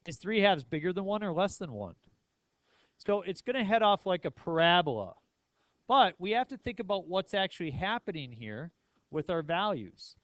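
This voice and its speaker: A man's voice: a little high, dry recording, highs cut off. A male math teacher lecturing a class in a playful way, asking his students many questions.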